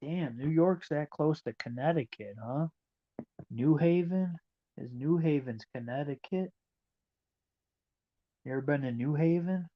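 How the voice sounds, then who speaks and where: A man chatting casually on a livestream, musing aloud in a slow, wandering way while he looks over a map. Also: on the high side, highs cut off.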